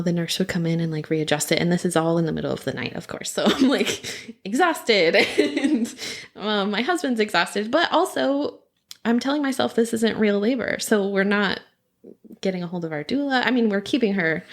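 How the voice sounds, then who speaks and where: A young woman, a podcast guest, telling her birth story in an animated, chatty way with lots of laughter and filler words. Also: medium pitch, fairly quick. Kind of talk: personal birth story in conversation.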